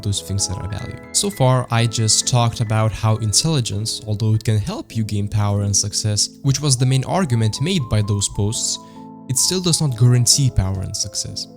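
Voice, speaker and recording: A man's voice: mid-range voice, moderate pace. A man hosting a reflective video essay, arguing his case and asking his listeners rhetorical questions. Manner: argumentative, asks rhetorical questions. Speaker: channel host. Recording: faint music behind.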